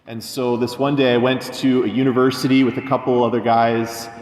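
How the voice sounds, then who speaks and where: A man's voice: medium pitch, level tone, fairly quick, a little mellow. A young male priest preaching a sermon, telling a story and acting out the voices of the people in it. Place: church. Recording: echoey church with long reverb.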